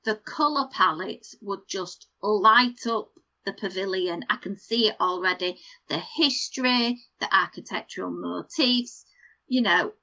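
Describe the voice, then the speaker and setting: Slow-talking bright woman. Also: medium pitch, dull audio. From United Kingdom. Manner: slow, savouring, lists vivid details. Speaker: podcast co-host. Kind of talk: casual chat.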